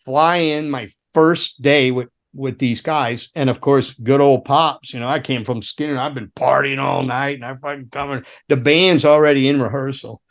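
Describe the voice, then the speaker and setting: A middle-aged American man swaps road stories on a casual podcast, rambling from one tangent to the next. He swears freely and drops into loud, animated voices whenever he quotes somebody, in a voice of ordinary male pitch. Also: moderate pace, hardly any pauses. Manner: rambling, profane, animated storyteller who acts out quotes. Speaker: podcast guest, former roadie. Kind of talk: casual storytelling chat.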